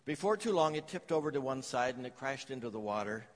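A man's voice: medium pitch, lively intonation, quick pace, in a large hall. A man preaching a sermon, telling stories and jokes to his congregation. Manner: storytelling with jokes and anecdotes. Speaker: pastor.

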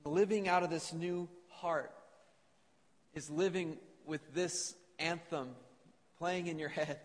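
A man's voice: fairly high pitch, fairly even intonation, slow. A man preaching an earnest sermon to a congregation and reading scripture aloud in a church. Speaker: pastor. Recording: long reverb of a church hall.

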